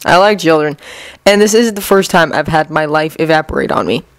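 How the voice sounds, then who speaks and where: A woman reading a calm, wry young man. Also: low voice, brisk, no echo, lightly acted, rough recording. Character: calm young man who lost his memory.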